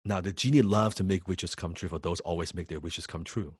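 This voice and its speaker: A man's voice: low-pitched, brisk, slightly rough, no echo, clean studio sound. A man coaching sales students in an emphatic, repetitive way, swearing freely. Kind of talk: lecture to students.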